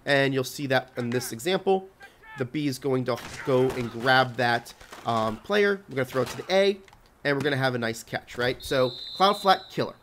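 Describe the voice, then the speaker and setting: A man's voice: medium pitch, lively intonation, normal speed, a bit bright, a little hiss or hum. A man walking viewers through football video game plays, teaching in a casual way and often checking in with "right?". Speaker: video game tips channel host. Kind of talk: explaining plays over gameplay footage.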